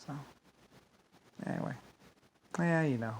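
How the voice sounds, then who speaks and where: A man's voice: fairly high pitch, measured pace, vocal fry, a little hiss or hum. A man talking alone to camera in a rambling vlog monologue, drifting between thoughts and leaning on filler phrases. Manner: meandering, repeats "like I said" and "blah, blah". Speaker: vlogger.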